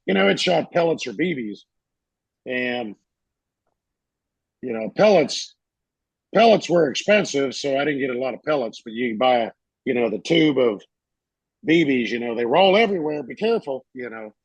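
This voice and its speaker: A man, a podcast co-host telling a story in a casual, animated way and acting out the voices in it. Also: medium pitch, normal speed, gravelly, pauses often, slightly rough, no room sound. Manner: animated, acts out voices in his stories.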